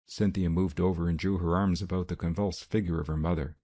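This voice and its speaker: A man narrating a mystery audiobook in a steady, even reading. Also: sits low, a little fast. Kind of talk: scripted narration.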